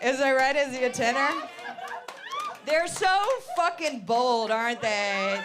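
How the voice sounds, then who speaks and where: A brash, teasing woman hosts a live comedy show, doing crowd work and swearing freely. Her voice is fairly high, her intonation fairly even, and her speed normal. The venue is loud with the audience's laughter and chatter.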